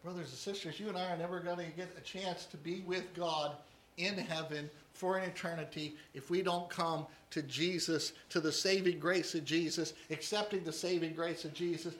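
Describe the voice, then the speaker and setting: A pastor delivers a sermon, leaning on emphatic repetition of key phrases. His voice sits high and sounds bright and forceful, with a roomy echo around it. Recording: echoey room.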